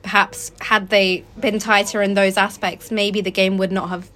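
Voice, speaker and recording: A woman's voice: mid-range voice, flat delivery, moderate pace, a bit bright. Chatty woman co-host thinking aloud. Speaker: cricket podcast co-host. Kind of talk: casual sports discussion.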